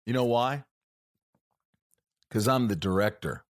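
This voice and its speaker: A man in casual conversation, telling stories with animated quoted dialogue and frequent swearing. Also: mid-range voice, a little slow. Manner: animated storyteller, acts out quotes, swears often. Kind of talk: casual storytelling chat.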